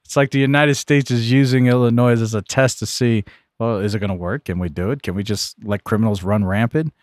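Podcast co-host, man, mid-pitched, rambling explainer with jokes, dead dry room. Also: fairly quick, no room sound. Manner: explains at length, joking asides. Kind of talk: casual podcast chat.

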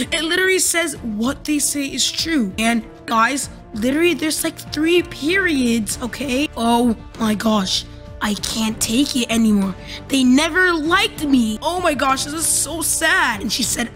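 A young woman hosting a gaming channel, giving excited commentary on a game and gasping and repeating herself as she goes. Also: sits high. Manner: breathless, repetitive, keeps saying "literally" and "oh my gosh".

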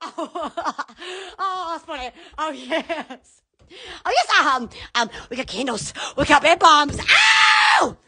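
A woman's voice: high-pitched, animated, takes it slowly, bright, forceful tone. A woman chatting casually on a live stream from her phone, giggling, squealing and rambling. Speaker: shop owner streaming live.

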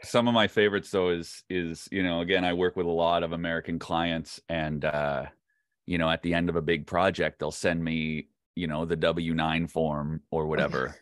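A man's voice: deep voice, level tone, normal speed, no echo, studio quality. A Canadian man, a voice actor, chatting casually in an interview, laughing often and trailing off mid-sentence. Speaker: voice actor guest.

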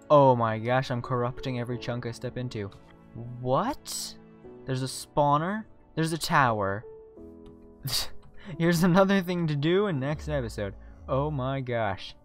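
A gaming video host chatting through a let's-play, excitable and rambling with restarts, tired. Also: mid-range voice, moderate pace, faint music behind. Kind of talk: casual let's-play commentary.

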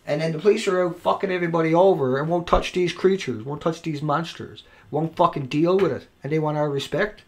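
A man recording an angry, profane rant to camera, swinging between yelling and quiet muttering. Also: a little high, brisk, few pauses. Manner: profane, shouting and then dropping to quiet. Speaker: video blogger. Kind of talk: angry ranting monologue. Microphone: home recording mic.

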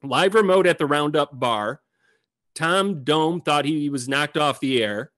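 A man's voice: on the high side, measured pace, fairly bright tone. A man hosting a casual interview, easygoing and jokey as he steers the guests toward their stories. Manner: easygoing, jokey, with filler restarts. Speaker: host.

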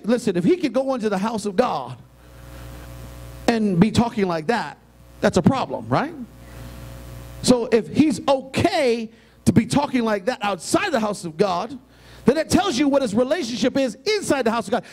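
A male pastor preaching a sermon in a notably high voice. He swings from soft, quiet asides up to loud, shouted emphasis, full of feeling.

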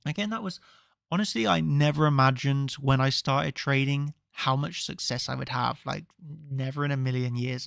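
A man's voice: medium pitch, normal speed, gravelly, a bit bright, no echo, studio quality. A man hosting a trading video, walking viewers through chart analysis in an emphatic, confident way, repeating key words for effect. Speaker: crypto trading analyst host.

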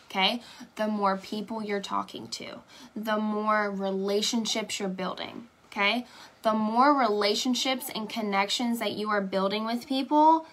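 A woman's voice: medium pitch, bright, forceful tone. A young woman leading a sales team, giving an emphatic motivational talk on a live stream and checking in with "okay?" after nearly every point. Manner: emphatic, repeats "okay?" and "right?". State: tearing up. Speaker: direct sales team leader.

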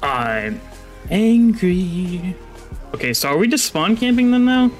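A man giving rambling, excitable live commentary on a game he is streaming into a headset, his voice jumping high when surprised. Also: fast talker, soft background music.

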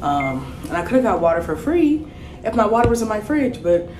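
A woman's voice: medium pitch, big pitch swings, normal speed. Profane young woman venting, traffic noise. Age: young adult. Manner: blunt, profane, exasperated venting. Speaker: college student vlogger. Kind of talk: casual vlog rant. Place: around campus, partly outdoors. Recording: noisy with passing traffic.

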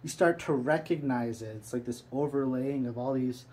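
A man's voice: mid-range voice, normal speed, darkish tone, low-quality recording. A man talking casually as he leads a listener through an imagined scene, loose and rambling with lots of filler words. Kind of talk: guided visualization in casual chat.

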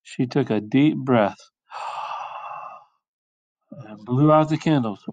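A male teacher reading a picture book aloud in a slow, expressive storytelling voice. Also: mid-range voice, muffled recording, noisy background.

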